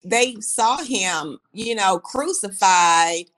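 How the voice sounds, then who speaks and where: A woman's voice: medium pitch, lively intonation, takes it slowly, a bit bright, rough recording. A mother in a casual chat, explaining her view plainly and in an affirming way. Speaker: mother and co-host.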